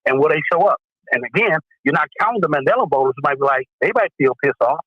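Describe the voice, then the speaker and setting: A man with a slightly high voice calls in to a talk show and thinks through political questions out loud. His voice comes over a dull, lo-fi call line. There is no room sound around it. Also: animated, quick pace, breathy edge, dry recording. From Wisconsin, USA. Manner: thinking aloud, analytical. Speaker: caller.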